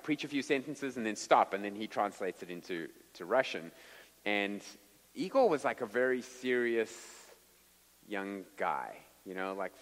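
A man preaching a sermon, telling stories with an animated delivery and sudden bursts of volume. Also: lowish voice, long reverb tail. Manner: animated storyteller with dramatic volume swings. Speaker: pastor.

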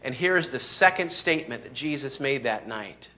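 A man's voice: medium pitch, lively intonation, normal speed, sharp tone. A pastor delivering a sermon, preaching emphatically, reading scripture aloud and often restarting his sentences.

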